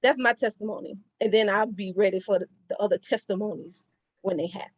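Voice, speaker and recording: A woman giving an excited testimony, animated, colloquial and full of incredulous exclamations. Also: mid-range voice, fast, dry recording.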